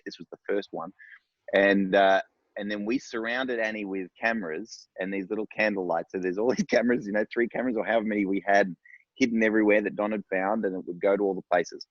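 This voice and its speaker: A man's voice: on the low side, dry recording, dull audio. A man, a director telling a set story in a casual, rambling panel chat over a video call. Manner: rambling, warm storytelling with restarts.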